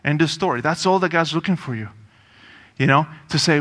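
A man's voice: a little high, brisk, a bit bright, big-room sound. A man preaching a sermon in a conversational, emphatic way, repeating phrases and dropping in offhand asides.

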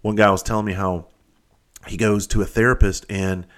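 A middle-aged man hosts a podcast, his voice fairly low and level at a moderate pace. He tells stories casually with a blunt manner, swearing freely and restarting sentences.

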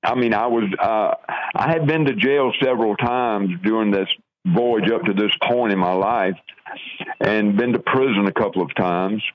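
An older man from the southern United States slowly and earnestly tells his life story in an interview, often stopping to restart. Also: fairly low pitch. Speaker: guest sharing testimony. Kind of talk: personal testimony in an interview. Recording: dull lo-fi radio audio.

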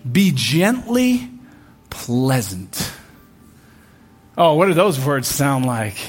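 A young male pastor with a fairly high voice gives a sermon in a church. His style is relaxed and conversational, with joking asides and frequent restarts.

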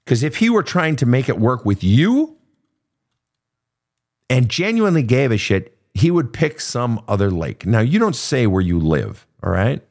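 A man's voice: medium pitch, sing-song, a little slow, darkish tone. A man from Minnesota hosting an advice podcast, answering listener questions in a blunt, profane, casual way.

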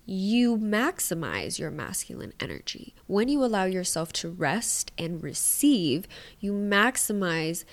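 A woman hosting a solo podcast, talking in a casual, frank way, swearing freely and sometimes dropping into quiet asides. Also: medium pitch, sing-song, a little slow. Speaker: podcast host.

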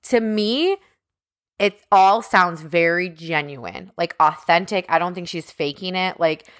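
In a laid-back true-crime conversation, this podcast co-host walks through a criminal case, peppering it with "like" and indignant side comments. Her lowish voice is unhurried and slightly bright, in studio-quality audio without room sound.

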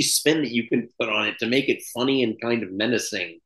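A man's voice: fairly low pitch, moderate pace, fairly bright tone. Enthusiastic man host, roomy echo. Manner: enthusiastic, admiring. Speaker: podcast host. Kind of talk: casual interview conversation.

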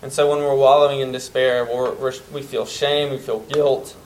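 A man preaching a sermon, earnest and emphatic, dropping to soft tones at tender moments. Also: mid-range voice, little pitch movement, normal speed, low-quality recording.

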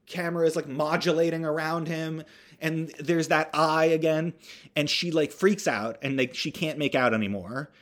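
A man's voice: on the high side, moderate pace, a bit bright. A man casually recapping a horror movie, rambling with wry asides and self-corrections.

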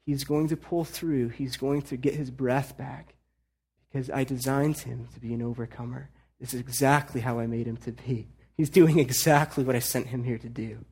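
A pastor voicing a calm, unbothered Jesus. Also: male voice, mid-range voice, moderate pace, breathy edge. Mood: reassuring. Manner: relaxed, reassuring, playful. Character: calm, cheerful Jesus, unbothered, male adult.

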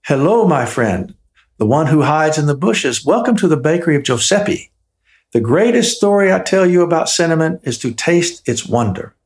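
A man voicing a jolly, welcoming old male baker who speaks broken English and exclaims warmly. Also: on the high side, big pitch swings, moderate pace. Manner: warm, laughing, exclamatory. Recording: echoey room.

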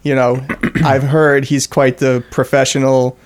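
A man in an improvised comedy sketch, talking in a deadpan, halting way and sounding uninterested. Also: mid-range voice.

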